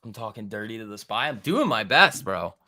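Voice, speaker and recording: A man's voice: lowish voice, very animated, a little fast, noisy background. A young man hosting a live stock trading stream, talking loosely and profanely, joking with chat while he reads the charts. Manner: loose, profane, bro-talk banter with chat, chuckling. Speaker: stock trading livestream host. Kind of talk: casual live market commentary.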